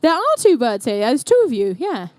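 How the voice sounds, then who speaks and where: A woman's voice: sits high, big pitch swings, normal speed, a little mellow, no echo. A woman with a New Zealand accent giving live commentary at an indoor robotics competition, playful and chatty, with jokey asides to the teams and crowd. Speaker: event commentator and emcee.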